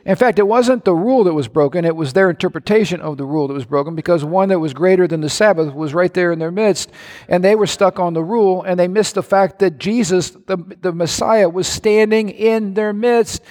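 A male pastor delivers a lively sermon in a high, bright voice. He swings from calm teaching into sudden shouts and playful high-pitched mimicry. The sound carries a long echo from the church hall. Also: brisk.

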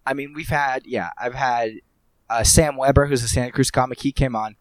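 Comic guest with a Californian accent, lively storyteller, mid-pitched, dry close mic. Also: male voice, normal speed, dry recording. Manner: animated storyteller, acts out quotes. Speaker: comedian guest. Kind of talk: casual podcast chat.

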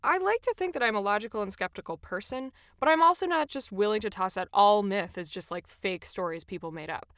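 A woman's voice: mid-range voice, animated, fairly quick, few pauses, a bit bright, dry recording, studio quality. A young woman hosting a solo podcast, talking in a chatty, enthusiastic and self-deprecating way. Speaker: podcast host. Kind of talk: casual solo podcast monologue.

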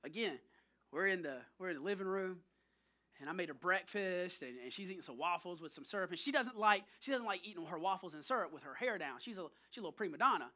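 A man with a strikingly high pitch and a bright, pointed tone, preaching at a church service. He talks in a playful, joking way, spinning stories about family life for his congregation. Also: lively intonation, quick pace. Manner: playful, jokey storytelling to the congregation. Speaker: pastor. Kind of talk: sermon with personal stories.

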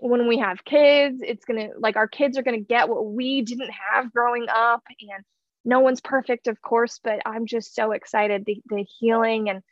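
A woman's voice: a little high, fairly even intonation, moderate pace, dry recording, dull audio. A woman in her thirties telling a heartfelt personal story in an earnest way, with many fillers and restarts. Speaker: guest sharing her story.

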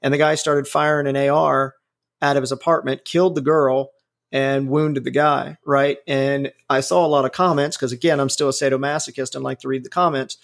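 A gravelly-voiced man in his forties talks casually and bluntly at a middling pitch. He swears freely and rambles, restarting his sentences often as he works through his opinions. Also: flat delivery, a little fast. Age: 40s.

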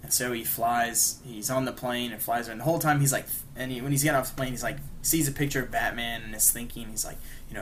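A man's voice: mid-range voice, fairly even intonation, fast, hardly any pauses, a bit bright, slight background noise. Man rambling through a casual recap. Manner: rambling retelling, full of "like" and "you know". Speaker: podcast co-host. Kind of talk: casual chat.

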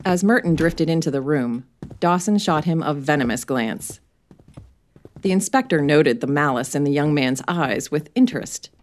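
Woman narrator, lowish voice, steady measured storybook reading. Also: a little hiss or hum.

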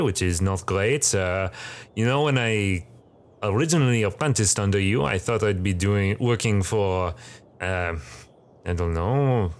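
A man's voice: on the low side, natural voice. A man voicing Sim, a weary goblin locksmith. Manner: sighing, grumbling, hesitant. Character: weary male goblin locksmith, tired of tourists.

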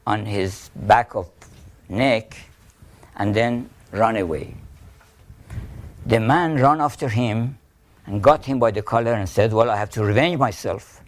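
A man with a Persian accent explaining poetry in an interview, telling anecdotes and chanting rhythms aloud. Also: medium pitch. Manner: storytelling, chanting poetic rhythms. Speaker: poet and painter teaching Persian poetry.

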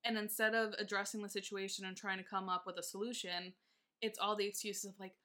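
Fired-up woman podcaster, swears a lot, bright tense voice. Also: medium pitch, flat delivery. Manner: indignant, swears often, fast ranting. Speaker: podcast co-host. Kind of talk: casual chat.

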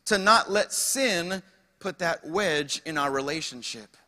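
A man's voice: a little high, lively intonation, unhurried, pushed and bright, big-room sound. A young man preaching a sermon as pastor, calling out to the congregation with asides and rhetorical questions. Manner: preaching with call-outs to the congregation.

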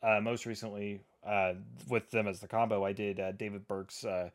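A man's voice: lowish voice, little pitch movement, moderate pace. A man hosting a book club podcast, chatting casually and telling stories with enthusiasm. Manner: enthusiastic, storytelling. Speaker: podcast host.

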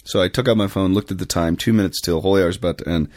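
Priest, male, very low voice, rambling podcast storyteller, dry close mic. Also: quick pace, a little mellow, no echo. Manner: rambling storyteller, many fillers and self-corrections. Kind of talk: casual podcast chat.

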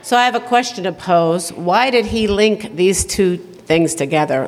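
A middle-aged woman giving a conversational, self-deprecating sermon at a conference, chatty and quick to laugh. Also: fairly low pitch. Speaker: speaker at a women's conference. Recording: long hall reverb.

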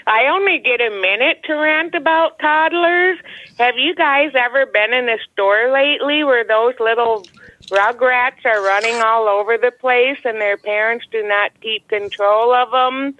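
Exasperated woman ranting, higher voice, phone-like call audio. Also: no echo. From Michigan, USA. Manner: exasperated, exclaiming. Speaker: game participant. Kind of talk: comic rant over video call. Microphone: video call.

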